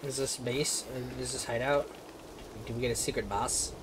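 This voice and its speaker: A man's voice: mid-range voice, steady tone, normal speed, noisy background. A male streamer giving casual, joking live commentary while he plays a game, rambling and poking fun at himself. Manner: joking, rambling, self-mocking.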